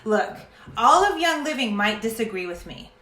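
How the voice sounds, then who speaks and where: A woman talking straight to her viewers with a fairly high, bright, sharp voice. She is chatty and passionate, and she slips into ranting now and then. The room around her sounds echoey. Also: sing-song, moderate pace. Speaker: essential oils educator. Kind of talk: casual vlog talk to camera.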